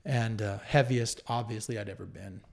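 A man's voice: on the low side, normal speed, creaky, a little mellow. Earnest man in his thirties. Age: 30s. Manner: earnest, reflective, with fillers and restarts. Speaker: guest telling his story. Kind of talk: candid personal testimony.

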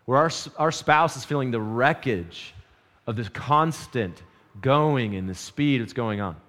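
Man, pastor, casual sermon, lively storytelling, asks the room questions. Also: mid-range voice. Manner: quiet and hushed in prayer.

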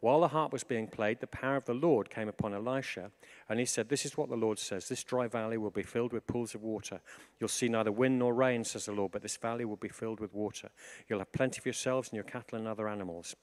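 A man giving an informal sermon, animated, swinging from hushed reflection to excited emphasis. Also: lowish voice, fast. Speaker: preacher.

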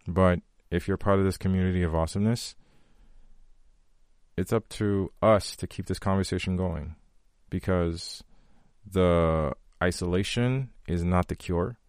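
Deep-voiced earnest male podcast host. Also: gravelly, darkish tone, dry recording, clean studio sound. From from a country with long power outages. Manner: earnest, heartfelt, repeats key phrases. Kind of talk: motivational podcast talk.

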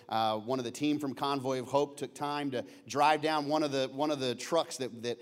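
Pastor guy, lots of uhs, introducing a guest. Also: medium pitch. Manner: halting, many fillers and restarts, warm praise.

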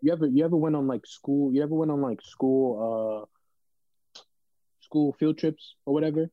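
A man's voice: on the high side, normal speed, no room sound, lo-fi sound. A man co-hosting a casual podcast, joking and ranting with lots of swearing. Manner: joking, profane, animated rants. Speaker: podcast co-host. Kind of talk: casual banter.

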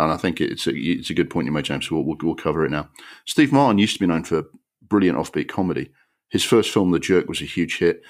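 A man with a low, deep voice reviews a film on a podcast. He rants with mounting exasperation and swears freely, and his voice leaps higher whenever he gets worked up. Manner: exasperated, sweary, ranting with rising pitch. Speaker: podcast co-host. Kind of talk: casual film review rant.

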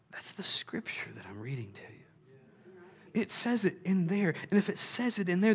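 A man preaching a sermon, animated, swinging from quiet asides to shouts and acting out quoted voices. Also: sits high, husky. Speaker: pastor.

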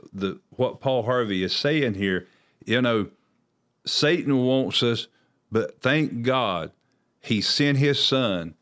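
A man's voice: mid-range voice, fairly bright tone. A man talking through Bible passages in an earnest, preacher-like way, raising his voice to stress quoted scripture. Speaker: host. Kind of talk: casual Bible discussion.

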